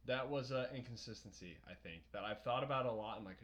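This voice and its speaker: A young adult man co-hosting a podcast, chatting casually about a book, rambling and profane and quick to laugh. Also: medium pitch, fairly bright tone. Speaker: podcast co-host. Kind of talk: casual book-discussion chat.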